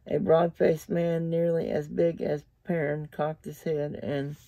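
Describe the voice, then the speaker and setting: A man reading a fantasy novel aloud in an even, steady way, now and then restarting a sentence. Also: fairly high pitch, unhurried, vocal fry, no room sound, muffled recording. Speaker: audiobook reader.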